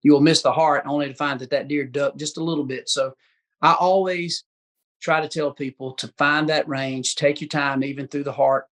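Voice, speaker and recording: A man's voice: a little high, steady tone, normal speed, fairly bright tone. A man as a podcast guest, talking casually in a folksy way and giving hunting advice. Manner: folksy, gives advice, says dude and bro. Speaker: guest hunter. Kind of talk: casual chat.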